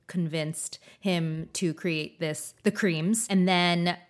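A young woman with a lowish voice chats casually about beauty products as a co-host. She talks freely, loose and full of fillers. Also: fairly even intonation, slow. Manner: chatty, lots of fillers. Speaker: podcast co-host.

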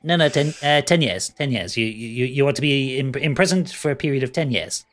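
A man's voice: mid-range voice, fairly quick, fairly bright tone. A man playing a jailer in a tabletop game, smug and matter-of-fact with some stumbling. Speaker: game master. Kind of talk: in-character tabletop role-play.

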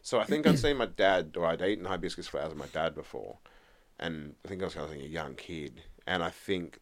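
Deep-voiced middle-aged aussie guy, jokey podcast banter, really lively up and down. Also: fairly quick. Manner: joking, teasing, laughs often. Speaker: podcast co-host. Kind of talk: casual chat. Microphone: studio microphone.

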